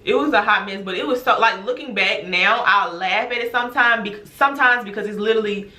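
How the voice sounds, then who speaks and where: A woman, a former teacher, telling a storytime vlog in an animated, emphatic way, speaking straight to her viewers. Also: medium pitch, brisk, reverberant, a little hiss or hum. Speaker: teacher and vlogger.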